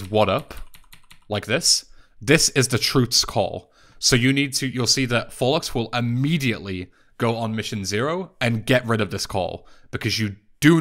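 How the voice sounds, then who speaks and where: A young man with an English accent, talking through a speedrun tutorial voice-over in a relaxed, chatty way, with plenty of fillers and restarts. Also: mid-range voice. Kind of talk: casual game tutorial voice-over.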